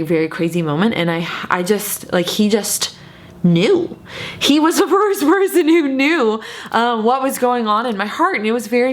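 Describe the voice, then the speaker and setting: A young woman vlogger telling a personal story in a chatty, animated way, with lots of fillers and repeated words. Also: lowish voice. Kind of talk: casual storytelling to camera.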